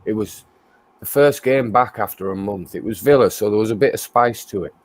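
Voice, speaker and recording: A man co-hosting a casual talk show, giving steady, opinionated commentary. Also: fairly low pitch, brisk, no echo. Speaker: co-host. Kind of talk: casual chat.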